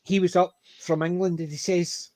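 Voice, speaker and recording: A middle-aged man with a Glaswegian Scottish accent, hosting a panel and telling anecdotes in a chatty, animated way. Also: sits high, moderate pace, no room sound. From Scotland, Glasgow area. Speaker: panel host. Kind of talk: casual chat.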